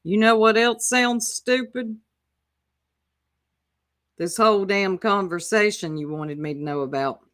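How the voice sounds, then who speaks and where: A woman's voice: medium pitch, measured pace, pauses often, a bit bright. A woman hosting casual reaction commentary, sarcastic and profane, talking back to the clips she plays. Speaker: YouTube commentator.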